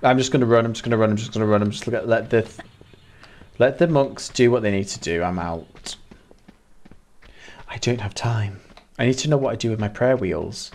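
A man streaming a video game live, reacting loudly, laughing and teasing his chat as he plays. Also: lowish voice, fairly quick, long pauses, a little hiss or hum. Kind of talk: live gameplay commentary, reading chat. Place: indoor room.

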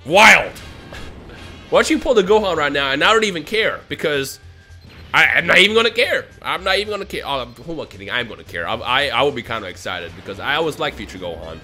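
A man commentating his own mobile game pulls for a video, swinging between low grumbling and shouted, exasperated outbursts. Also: expressive, quick pace, soft background music. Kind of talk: gaming vlog commentary.

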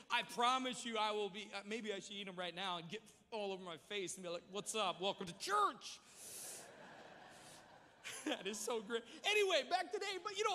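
A man preaching a sermon, telling a humorous story with lively energy in a large church. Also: very high voice, in a large hall. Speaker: pastor.

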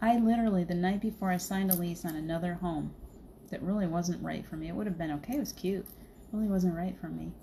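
A woman's voice: fairly low pitch, fast talker, gravelly, mellow, a little hiss or hum. A middle-aged woman hosting a livestream, telling a spiritual story in a chatty way and laughing often. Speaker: livestream host. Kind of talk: casual spiritual chat.

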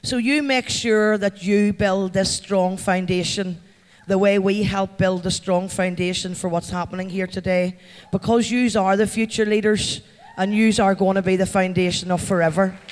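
Northern Irish man, high-pitched, heartfelt and chatty, giving an award speech in a reverberant hall. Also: fairly even intonation, moderate pace. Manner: heartfelt, chatty, thanks the crowd by name. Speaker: award recipient addressing a company event. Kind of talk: acceptance speech to a live audience. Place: large event hall.

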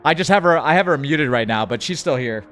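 Guy live streaming a racing game, kinda high voice, bouncy and all over the place, rushing and chatting w/ chat. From United States. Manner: hurried, excitable, chats with viewers.

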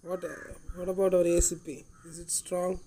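A man's voice: sits high, monotone, normal speed, mellow. A man hosting a gaming channel, giving gameplay commentary while he swears, vents his frustration and apologizes to viewers. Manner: frustrated, swearing, venting openly.

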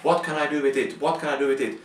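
A young man doing an improvised comic monologue, rambling and exclaiming to himself in halting English. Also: a little high, steady tone, a little hiss or hum. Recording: roomy, from far off the mic.

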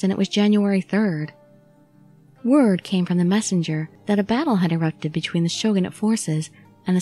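A woman narrating a visual novel in the first person with a steady storytelling read. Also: mid-range voice. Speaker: audiobook narrator.

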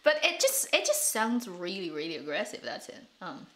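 A woman's voice: lowish voice, huge pitch swings, normal speed, bright, forceful tone. A woman, chatting casually on her live stream, laughing often and repeating words as she thinks. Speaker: streamer and show host.

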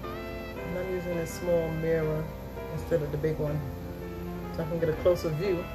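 A woman's voice: low-pitched, very animated, normal speed, poor audio. A woman vlogger talking through her makeup tutorial in a chatty, exuberant way, repeating her catchphrases. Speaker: beauty vlogger. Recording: music playing behind her.

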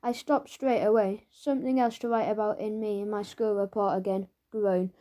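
A woman narrating a children's audiobook in the first person as a schoolboy, lively and storytelling. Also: medium pitch, moderate pace.

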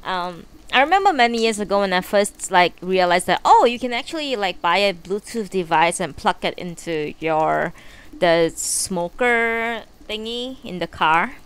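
A woman's voice: mid-range voice, lively intonation, measured pace, fairly bright tone, clear, resonant tone. A woman live streamer chatting casually from her bedroom before a book reading, rambling and swearing freely with lots of fillers. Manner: rambling and profane, with many fillers.

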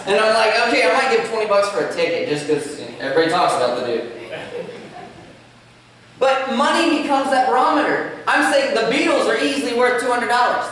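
A man preaching a sermon as pastor, animated, with light humor in his storytelling. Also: very high-pitched, a little fast. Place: church sanctuary. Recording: echoey church, speaker far from mic.

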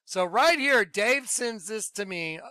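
Male host, high clear voice, emphatic, repeats himself. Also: slow, dry recording. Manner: emphatic, excitable, repeats points. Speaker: Christian video host. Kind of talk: excited religious commentary.

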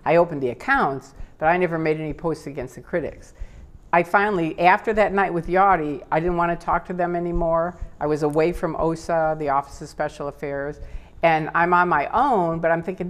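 A woman's voice: low-pitched, normal speed. An older woman as an interview guest, telling her personal story with feeling, sometimes tearful and acting out what others said. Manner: animated, tearful at times, acts out quotes.

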